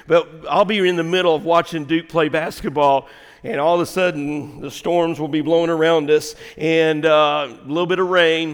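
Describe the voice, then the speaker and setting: A pastor with a high voice delivers his sermon in a church, wandering through chatty asides before pressing his point hard. The sound carries a long hall reverb that trails after each phrase. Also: clean tone. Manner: storytelling, rambling asides, rising to shouted preaching. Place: church sanctuary.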